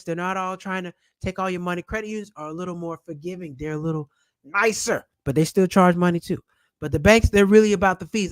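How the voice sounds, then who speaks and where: A man's voice: high voice, clear, resonant tone, dry recording. A man giving casual money advice to his viewers, blunt and repetitive, swearing now and then. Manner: blunt, swears, repeats points for emphasis. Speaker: personal finance YouTuber. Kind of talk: casual direct-to-camera advice.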